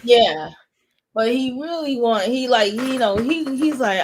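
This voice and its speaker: A woman hosting a casual podcast, animated and chatty, acting out what others said. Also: on the high side, moderate pace. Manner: animated, acts out quotes. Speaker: podcast host.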